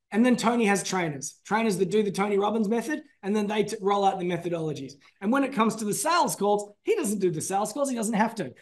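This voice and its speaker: A man presenting a business masterclass, energetic and emphatic, calling out to his audience. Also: high-pitched. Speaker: business trainer.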